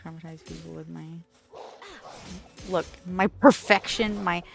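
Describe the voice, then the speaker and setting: A woman's voice: lowish voice, fairly even intonation, measured pace, creaky. A woman streaming as a VTuber, chatting casually and playfully with her viewers in a teasing, talkative way.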